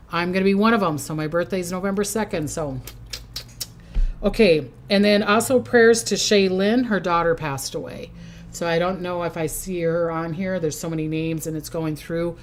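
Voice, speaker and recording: Older woman, Minnesota accent, lowish voice, rambling and chatty as a psychic hosting a casual livestream. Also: a little hiss or hum. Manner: chatty and rambling, reading out viewer comments. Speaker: psychic host.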